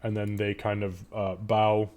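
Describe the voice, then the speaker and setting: A man narrating as game master of a tabletop game, casual and quick. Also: lowish voice, little pitch movement, darkish tone.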